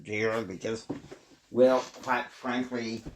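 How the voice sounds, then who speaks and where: A man's voice: mid-range voice, flat delivery, takes it slowly, a little hiss or hum, low-quality recording. A man casually narrating a homemade family story, rambling with many fillers and laughs.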